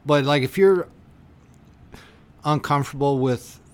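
A man's voice: on the high side, a little slow. A man co-hosting a casual podcast, ranting heatedly and swearing a lot, acting out little exchanges in raised voices. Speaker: podcast co-host.

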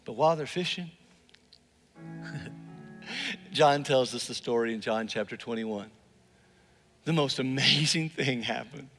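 A man's voice: mid-range voice, measured pace, pauses often, a bit bright. A male pastor telling a story in a sermon, often repeating words for emphasis and acting out the people he quotes. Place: church hall with live and online audience. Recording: long reverb in a large hall, faint music.

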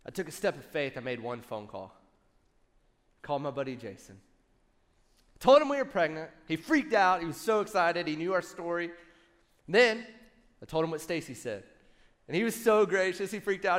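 A man in his thirties preaching a sermon in a somewhat higher voice. He tells his story with animated energy and turns to the congregation with quick asides. His voice carries a long reverb from a large church hall. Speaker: worship pastor.

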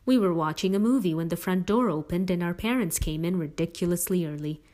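A woman reading a first-person story aloud in a steady, plain narrating voice. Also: fairly low pitch, a little fast. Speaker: audiobook reader.

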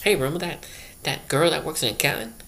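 A man's voice: on the high side, fast, pushed and bright, a little hiss or hum, pitched above the performer's own voice. A man voicing a chatty male coworker who rambles on with gossip and complaints in an overfamiliar way. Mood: gossipy.

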